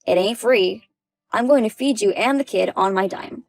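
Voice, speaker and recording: Smug bullying ex-husband in his forties, read by a woman, gravelly voice, dry close sound, text-story reading. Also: mid-range voice, moderate pace, no room sound, natural voice.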